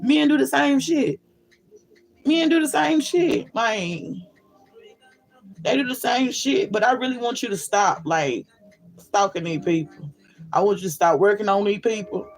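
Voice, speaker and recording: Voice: mid-range voice, a little slow, pauses often, soft background music, low-quality recording. A spiritual reader giving a blunt, profane and emphatic pep talk to viewers, often checking in with "you feel me?".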